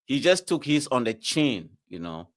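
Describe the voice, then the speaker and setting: A man in casual podcast chat, telling a story with animated quoted dialogue and plenty of swearing. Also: mid-range voice, moderate pace.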